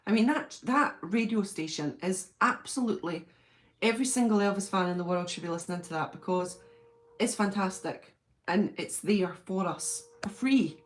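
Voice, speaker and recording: A woman with a British accent hosting a live stream from home, chatting casually and reading out viewer comments in a gushing, excitable way. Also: medium pitch, moderate pace. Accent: British English.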